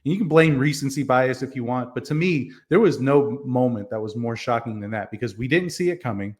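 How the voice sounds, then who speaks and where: In a brisk, expressive, mid-range voice with a darkish tone, a man co-hosts a wrestling podcast. He talks casually but argues his picks earnestly, leaning on lots of ums and you-knows.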